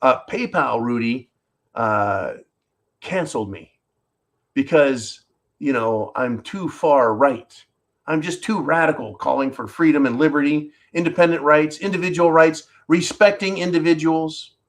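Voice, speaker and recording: A man's voice: on the high side, measured pace. Blunt, profane ranting man. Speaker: livestream host. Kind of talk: ranting political commentary.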